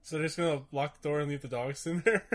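A man's voice: fairly high pitch, fast talker. Amused man laughing while chatting. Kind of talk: casual chat.

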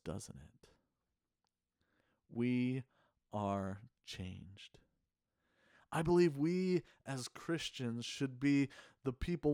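Middle-aged male pastor, mid-pitched, steady earnest sermon delivery, crisp tone, dry close sound. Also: no echo. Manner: earnest, measured preaching with rhetorical questions.

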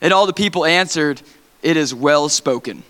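High, bright-voiced male preacher. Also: moderate pace. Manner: energetic, playful asides between dramatic readings. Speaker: pastor. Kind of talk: sermon scripture reading. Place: large church hall. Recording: reverberant church hall.

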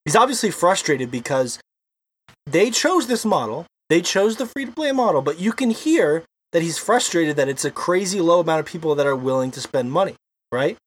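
Higher-voiced man in joking banter. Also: expressive, moderate pace, slightly rough. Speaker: podcast co-host. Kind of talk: casual gaming podcast chat.

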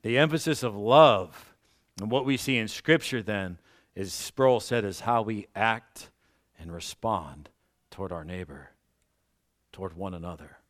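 A man preaching a sermon as pastor, slowing down and swelling loud on key points, with self-mocking asides and light laughs. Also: on the low side. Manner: slows down for emphasis and rises loudly on key points.

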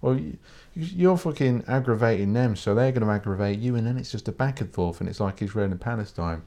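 Sweary British man ranting, lowish voice. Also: lively intonation, fairly quick, warm tone. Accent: British English. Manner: blunt, sweary, rambling, with many restarts. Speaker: podcast host. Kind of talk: casual solo podcast rant.

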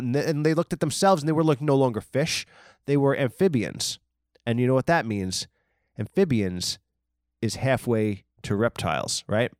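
A man's voice: mid-range voice, dry recording, clean studio sound. A man hosting a podcast, rambling through a comedic monologue with mock-serious, absurd tangents. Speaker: podcast host.

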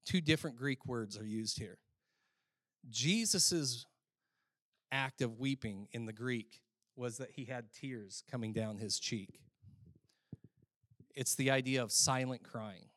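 A male pastor preaching a sermon in a conversational way, often saying "like", swinging between loud, emphatic stretches and quiet, reflective ones. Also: mid-range voice, slow, pauses often, no echo, studio quality. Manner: frequent filler "like".

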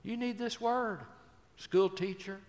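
With a high but darkish voice, fairly even intonation and a slow delivery, this older Christian humorist spins folksy, joking stories that grow earnest. A long reverb tail trails his humorous storytelling talk.

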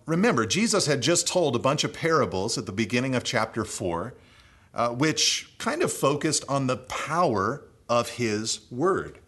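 An earnest preacher delivers a sermon in a man's voice of ordinary pitch. He pushes key phrases up and louder, then lets his sentences sink to a soft, low close. His delivery moves steadily from reading to explaining. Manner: earnest preaching, swinging between raised emphatic phrases and low hushed endings.

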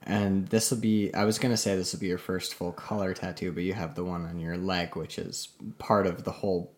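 A man's voice: low-pitched, level tone, normal speed. A man co-hosting a casual podcast, rambling with many fillers and restarts. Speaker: podcast co-host. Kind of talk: casual chat.

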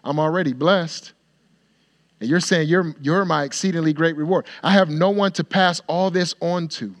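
A man preaching a sermon, acting out the dialogue of the story in an expressive way and sometimes dropping to a soft, near-whispered voice. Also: fairly high pitch, moderate pace. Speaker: pastor.

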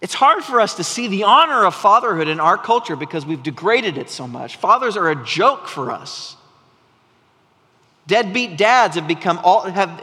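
A male pastor delivers a sermon in a high voice. His tone is bright and forceful, and he talks in a chatty, storytelling way that keeps doubling back mid-sentence. A long reverb from the church hall trails after his words. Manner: conversational, storytelling preacher with frequent restarts. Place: church sanctuary.

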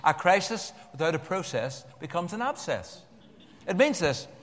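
An older man preaching a sermon to a congregation in an animated way, repeating words and joking with the listeners. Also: sits high, moderate pace. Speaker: pastor. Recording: long church-hall reverb.

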